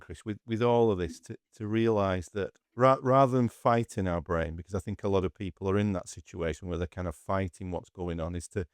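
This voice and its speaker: Low-voiced male podcast host. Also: no echo, studio quality. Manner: thoughtful, long reflective questions with restarts. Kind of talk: casual interview conversation.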